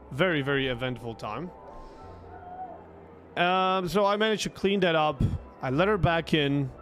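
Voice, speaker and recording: A young man casually telling a long, animated story, swearing freely and restarting his sentences. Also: on the high side. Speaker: streamer telling stories.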